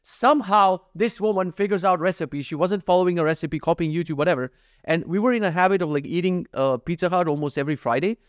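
Fast-talking profane young man. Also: high voice, clean tone, no echo, clean studio sound. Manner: profane, rambling, jokey storytelling. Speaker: podcast host. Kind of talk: casual solo podcast monologue.

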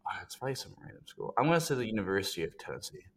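A man's voice: lowish voice, very animated, very fast, creaky. A man co-hosting a casual sports podcast, rambling and talking himself through trivia answers. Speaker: podcast co-host.

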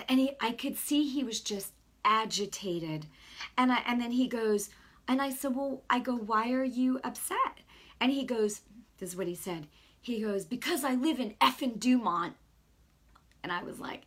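A woman sharing a casual spoken testimony as a Christian speaker. She tells the story in a rambling way, with many fillers and restarts, and her tone shifts from bright excitement to soft earnest moments. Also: mid-range voice.

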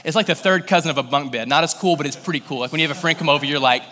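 Racing along in a voice on the high side, pushed and bright, a pastor from Kentucky preaches with a long reverb tail trailing his words. His sermon is casual, chatty storytelling thick with fillers, shifting to intense pleading in the prayerful parts.

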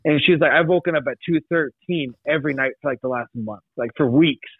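A man's voice: fairly high pitch, a little fast, breathy edge, no echo. Rambling young man, tinny phone line. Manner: rambling, many restarts and likes. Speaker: podcast guest. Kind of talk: casual testimony.

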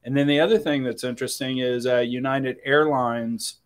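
A man co-hosting a casual podcast, joking and telling stories with animated energy. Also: medium pitch, moderate pace, slight background noise. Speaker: podcast co-host. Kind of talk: casual chat.

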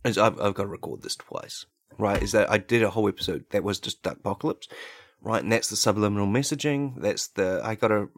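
A man hosting a comedy podcast, rambling through an absurd deadpan monologue full of fillers and tag questions. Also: on the low side, brisk, no room sound. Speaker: podcast host.

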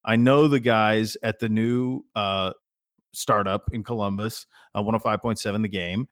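Speaking at a moderate pace in a lowish, steady voice, this middle-aged podcast co-host rambles through stories in casual conversation and frequently restarts sentences. The sound is clean studio audio with no room sound.

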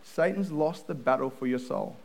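A man preaching a sermon as pastor, telling a personal story in an earnest way with quick restarts. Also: mid-range voice, animated, gravelly, darkish tone, rough recording.

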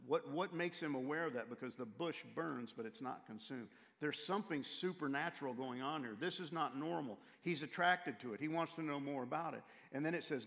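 A man's voice: medium pitch, a bit bright. Conversational preacher man, reverberant hall. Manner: conversational, emphatic. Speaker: pastor. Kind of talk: sermon.

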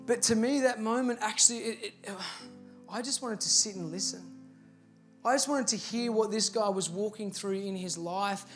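Earnest Australian pastor preaching. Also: male voice, high voice, moderate pace, soft background music. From Victoria, Australia. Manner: earnest, builds to emphatic appeals. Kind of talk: storytelling sermon.

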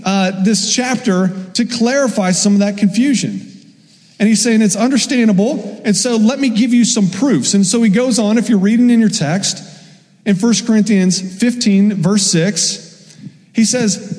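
A man preaches in a high, light voice, bouncing into little acted voices for the people in his story. His words ring out with a long reverb that hangs in the hall. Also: animated, normal speed, darkish tone. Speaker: pastor. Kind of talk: sermon.

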